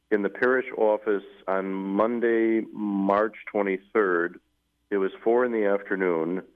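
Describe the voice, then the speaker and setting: A deep, low-pitched man speaks over a narrow, phone-like radio line. He tells his story slowly and haltingly, pausing on fillers and restarting sentences as he remembers details. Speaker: newly appointed bishop, guest. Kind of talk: interview conversation, recounting memories.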